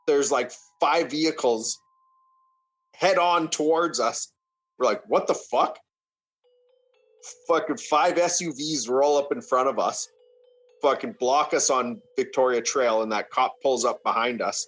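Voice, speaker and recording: A man's voice: mid-range voice, a little slow, faint music behind. Young man telling a story loosely. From Canada. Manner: animated, swearing, acts out shouts. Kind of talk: casual storytelling.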